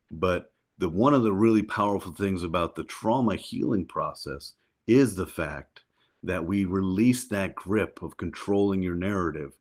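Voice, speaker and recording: The speaker is a middle-aged man visiting a podcast for a casual interview. He's full of life, and his voice springs up in pitch as he recounts stories.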